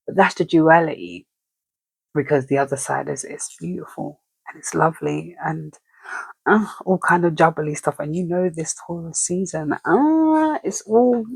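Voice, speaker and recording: A spiritual reader giving a casual message, animated and acting out inner voices with rhetorical questions. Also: mid-range voice, moderate pace, gravelly, slightly rough, no room sound.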